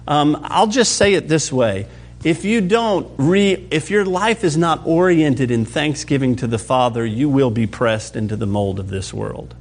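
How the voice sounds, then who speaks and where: Guy preaching a sermon, bit higher voice, keeps asking if it makes sense. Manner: conversational teaching, checks in with listeners; varies pace and loudness for emphasis. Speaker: pastor.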